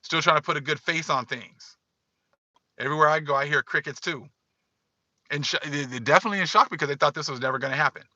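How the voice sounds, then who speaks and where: A man talking straight to his online viewers in a loose, emphatic commentary, circling back over his points again and again. His voice is sharp and tense, pitched a little high. The sound is dry and a bit dull, as from a lo-fi setup. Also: fast talker, no room sound. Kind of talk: casual livestream commentary.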